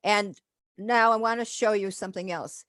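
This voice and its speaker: A woman's voice: mid-range voice, normal speed, a bit bright, no room sound, clean studio sound. An older woman, a professor, giving a chatty, digressive slide lecture full of fillers and asides.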